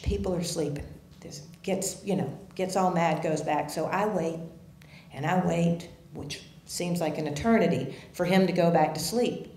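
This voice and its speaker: A woman telling a personal story at a live story slam, animated and swinging from hushed tones to loud outbursts. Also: mid-range voice, roomy sound. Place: theater stage.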